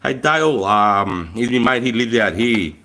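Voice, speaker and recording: A man's voice: mid-range voice, lively intonation, normal speed, sharp tone, slight background noise. An Australian man on a casual live stream, greeting viewers and chatting from a room at home in a rambling, easygoing way, swearing freely and laughing often. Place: room at home with a fire going.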